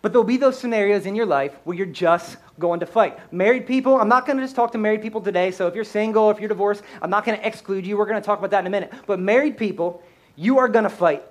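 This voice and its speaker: A man who is a pastor, telling a comedic story in a sermon in a high-strung, animated way. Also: fast talker.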